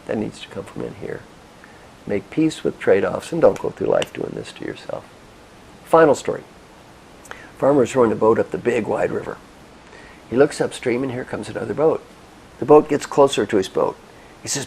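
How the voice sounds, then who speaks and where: A man giving a motivational talk, guiding listeners through reflection and telling stories in an expressive, directive way. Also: medium pitch, gravelly, slight background noise, rough recording. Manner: expressive, directive, with soft pauses. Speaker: motivational speaker and coach. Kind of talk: guided reflection and storytelling talk.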